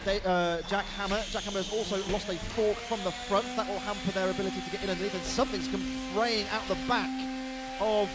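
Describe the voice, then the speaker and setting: A man giving excitable live play-by-play commentary on robot fights, reacting quickly to the action. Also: high-pitched, loud music behind the voice. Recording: noisy live venue.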